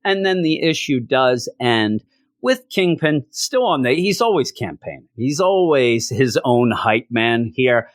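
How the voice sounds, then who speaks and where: Male comic reviewer, casual and jokey, mid-pitched voice, dry close recording. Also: measured pace, dry recording. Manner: jokey, animated, acts out quotes from the story.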